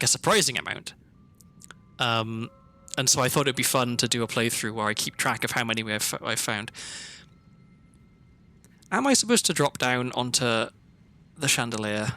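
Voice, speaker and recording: A man's voice: mid-range voice, bright, forceful tone. A man from Wales, chatting casually as he streams a game and thinks aloud, with lots of fillers and restarts. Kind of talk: casual live gameplay commentary. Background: faint background music.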